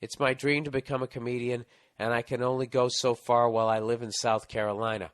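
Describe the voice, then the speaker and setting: A man's voice: mid-range voice, brisk. A man hosting a comedy podcast, reading out a listener's letter and telling stories in a profane, ranting way. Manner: profane, ranting, animated storytelling. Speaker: podcast host.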